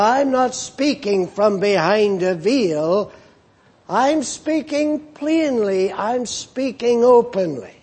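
A man preaching a sermon, expounding scripture in a slow, deliberate way and repeating phrases for emphasis. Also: sits high, a little mellow, husky. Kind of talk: sermon, Bible exposition.

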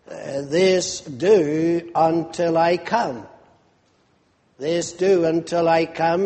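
Male minister, slow deliberate sermon delivery, echo of a large hall. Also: on the high side, darkish tone. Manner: deliberate preaching, rising in emphasis on quoted scripture.

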